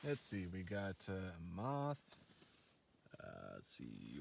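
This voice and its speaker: A man with a slightly low voice talks into his phone outdoors on a backcountry trail. His vlog is loose and rambling, and he keeps checking in with "right?" as he walks. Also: very animated, unhurried, creaky, a little hiss or hum. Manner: chatty and rambling, often asks "right?". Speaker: solo backpacker filming his trip. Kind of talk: casual vlog narration while hiking. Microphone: handheld phone.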